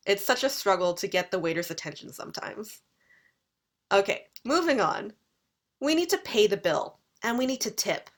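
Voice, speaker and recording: A young Canadian woman lecturing on everyday English, her voice sitting at an ordinary middle pitch. She speaks clearly and repeats practice phrases with deliberately exaggerated rises and falls, like a teacher modeling pronunciation for a class. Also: expressive.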